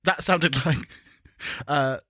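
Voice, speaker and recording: A British man co-hosting a chatty podcast, camp and sarcastic, with quick bursts of mimicry. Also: a little high, sharp tone, dry recording, clean studio sound. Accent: British English. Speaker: podcast co-host. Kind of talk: casual chat.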